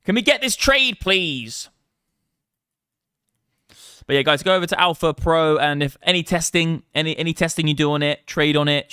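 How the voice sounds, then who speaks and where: Swearing man with a smooth voice. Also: on the high side, bright, forceful tone, dry recording, clean studio sound. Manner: rambling, profane, casual. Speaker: crypto trading streamer. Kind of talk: live trading commentary.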